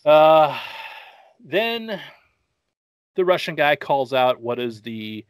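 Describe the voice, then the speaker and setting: A man's voice: fairly high pitch, sing-song, slow, smooth, no room sound. A man hosting a casual movie-review podcast, rambling through the plot with jokes and swearing. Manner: joking, profane, rambling. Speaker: podcast host.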